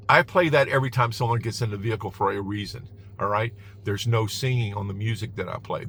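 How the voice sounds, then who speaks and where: A man's voice: fairly low pitch, fairly bright tone, slight background noise. A man giving casual advice in his car, emphatic and chuckling, repeating "all right?" to drive his points home.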